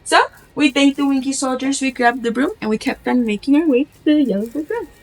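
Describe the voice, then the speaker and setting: A woman with a high, bright voice spins a lively retelling for her vlog. She acts out each character as she goes, with a faint hum of noise behind her. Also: a little fast, rough recording. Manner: lively, acting out the lines of characters. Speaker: vlogger. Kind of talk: animated storytelling.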